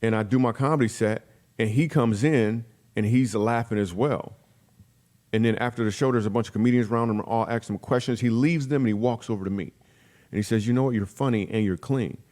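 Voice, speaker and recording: A man, a comedian guest, telling a comic story in a podcast interview with animated, punchy delivery and quick character voices. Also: medium pitch.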